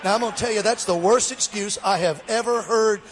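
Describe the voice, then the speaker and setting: Soft music plays behind a middle-aged man from Mobile, Alabama, US, whose high voice moves fairly quickly. As a guest speaker he tells a funny sermon story, livelily joking with the audience, and the sound has a large hall's long reverb.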